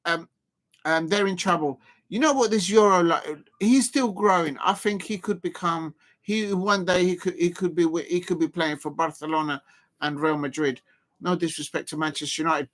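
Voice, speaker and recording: A man doing live football reaction commentary as a streamer, chatty and quick to exclaim. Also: sits high, fairly bright tone. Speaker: live watch-along streamer.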